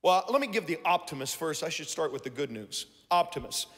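A man preaching a sermon to a congregation, lively and shouting out his key points. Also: on the high side, a little fast. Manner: animated, shouting for emphasis, talks to the congregation. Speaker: pastor. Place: large church hall. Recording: live church sermon with long hall reverb.

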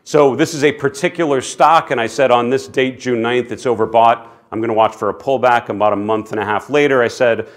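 A man's voice: mid-range voice, a little fast, hardly any pauses. A middle-aged man giving a conversational presentation as a market strategist, chatty and self-deprecating, with many fillers and restarts.

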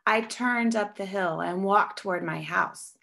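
A woman reading a children's picture book aloud with expressive storytelling. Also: mid-range voice, unhurried, vocal fry. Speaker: storybook reader.

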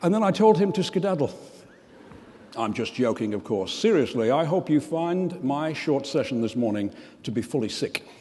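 A man's voice: medium pitch, moderate pace, big-room sound, a little hiss or hum. Older man joking from a stage. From Australia. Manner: self-deprecating, deadpan joke delivery. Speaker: keynote speaker. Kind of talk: humorous speech to an audience. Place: large conference hall.

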